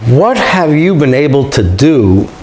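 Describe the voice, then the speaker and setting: A man's voice: mid-range voice, big pitch swings, measured pace, a little mellow, a little hiss or hum. A man hosting a talk show, asking questions in an easygoing, joking way. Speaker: host. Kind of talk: casual interview.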